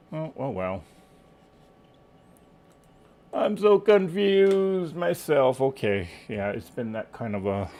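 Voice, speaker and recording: Guy with a gravelly voice running a live stream from home, chatty, says hi to everyone, bit scatterbrained, faint hiss behind. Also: on the low side, a little mellow. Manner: chatty, greets viewers by name, loses his train of thought. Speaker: quilting livestream host. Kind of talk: casual live-stream chat.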